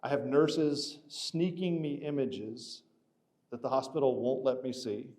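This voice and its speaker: Mellow-voiced man telling a story. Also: mid-range voice, measured pace. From Atlanta area. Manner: animated, rambling with many restarts and fillers. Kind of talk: casual storytelling.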